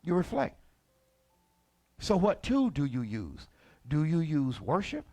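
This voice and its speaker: Animated, gravelly pastor. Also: male voice, a little high, slow pace. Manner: animated, colloquial, acts out characters. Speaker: lead pastor. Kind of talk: sermon.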